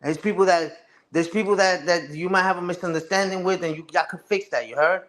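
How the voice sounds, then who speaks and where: High-voiced man ranting on a live stream. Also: a little fast, a bit bright. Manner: profane, repetitive, keeps asking "you heard?". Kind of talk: casual live-stream rant.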